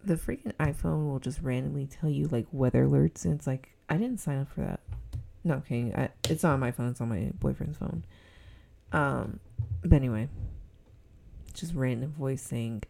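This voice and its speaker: A young woman hosting her own podcast, rambling in a casual solo chat and breaking often into loud giggly laughter. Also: a bass voice, creaky. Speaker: podcast host.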